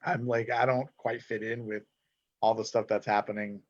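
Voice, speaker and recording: A man, talking in a loose, animated way as a guest poet. He fills his speech with "like" and slips into Spanish. The sound is dry and a little dull. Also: lowish voice, moderate pace, dry recording. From Texas. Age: 40s. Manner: animated, many "like" fillers, mixes in Spanish. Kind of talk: casual conversation.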